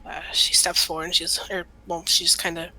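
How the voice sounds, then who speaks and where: A woman's voice: fairly low pitch, level tone, moderate pace, sharp tone, poor audio. A woman playing a tabletop role-playing game, casually describing what her character does. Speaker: player.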